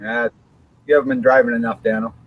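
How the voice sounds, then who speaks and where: A man's voice: medium pitch, little pitch movement, fast talker, dry recording. A man in casual chat, laid-back and teasing. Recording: dull lo-fi voice chat, faint hiss.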